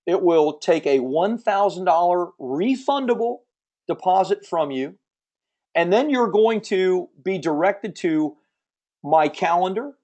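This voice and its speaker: A man hosting a live webinar, giving an emphatic, persuasive sales pitch and answering audience questions from the chat. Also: warm tone. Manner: emphatic, persuasive salesman, repeats key points. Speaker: webinar host selling publishing services.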